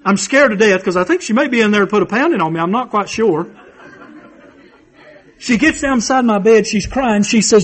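A man's voice: high voice, animated, brisk, breathy edge. A man preaching a sermon, fervent and repetitive, telling personal stories.

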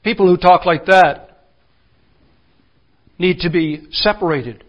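A man preaching a sermon, building to forceful, emphatic declarations. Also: high voice, takes it slowly, highs cut off.

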